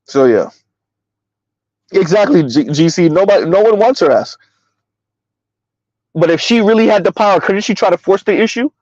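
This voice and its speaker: A fairly high-voiced man in a casual livestream commentary, firing off rhetorical questions and reading viewer chat as he goes. His pitch jumps up when he wants to sound incredulous. The audio is dry and a little dull and lo-fi. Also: expressive, normal speed, pauses often, darkish tone, dry recording. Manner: rhetorical, keeps asking "Right?", swings pitch up when incredulous.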